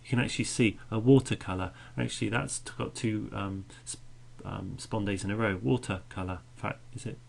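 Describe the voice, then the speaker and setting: A man's voice: fairly low pitch, steady tone, a little fast, creaky, few pauses. A man teaching a recorded poetry lesson, patiently explaining meter and beating out the stresses aloud.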